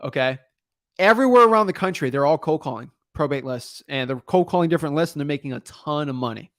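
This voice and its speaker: A man hosting a podcast in casual chat, energetic and emphatic, rambling with frequent restarts. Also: on the high side, fast, no room sound, clean studio sound. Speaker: podcast host.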